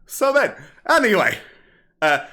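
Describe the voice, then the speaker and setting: A man's voice: sits high, wildly swooping pitch, takes it slowly, pushed and bright, voice pushed up, heavily acted. A man voicing a sleazy male kobold comic who tells corny, crude jokes to a crowd. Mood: smarmy. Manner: brash, corny joke-telling to a crowd. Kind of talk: actual-play tabletop game.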